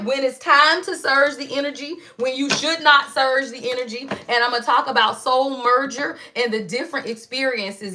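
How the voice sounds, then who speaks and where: Woman, tarot reader, high voice, bright tone, animated, slangy, chatty. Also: slight background noise. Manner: animated, slangy, keeps addressing viewers as y'all. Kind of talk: casual spiritual tarot reading.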